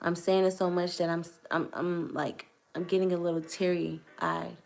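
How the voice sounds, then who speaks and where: Gravelly young woman telling her testimony. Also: on the low side, level tone, normal speed, a little mellow, soft background music. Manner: earnest, hesitant, careful with words. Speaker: vlogger. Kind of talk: personal testimony storytelling.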